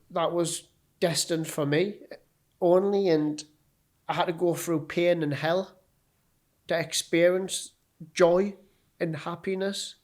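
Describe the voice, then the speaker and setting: A man with a Geordie accent, a podcast guest telling a personal story in a blunt, sweary way and acting out what people said. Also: a little high. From North East England.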